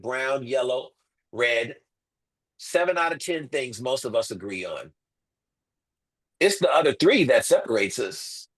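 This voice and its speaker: A man's voice: mid-range voice, husky, low-quality recording. A man as an interview guest, making his case emphatically with rhetorical questions and repeated points. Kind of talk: impassioned interview talk.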